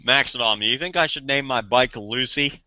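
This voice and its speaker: A man's voice: medium pitch, a little fast, sharp tone, dry recording, highs cut off. A man hosting a casual chat, joking around, swearing and laughing often. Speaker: channel host.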